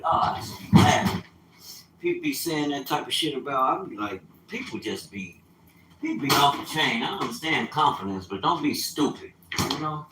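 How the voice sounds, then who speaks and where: A man in his fifties telling stories on a casual livestream, animated and streetwise, with sudden loud outbursts. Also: mid-range voice, moderate pace, pauses often, echoey room, background noise. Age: 50s. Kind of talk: casual storytelling.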